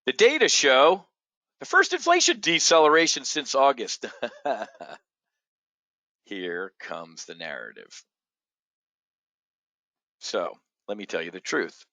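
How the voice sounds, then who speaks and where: A man hosting an opinionated market commentary show, blunt and combative, jumping from loud outbursts to low muttering. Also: big pitch swings, takes it slowly, long pauses, no echo. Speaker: options trading show host.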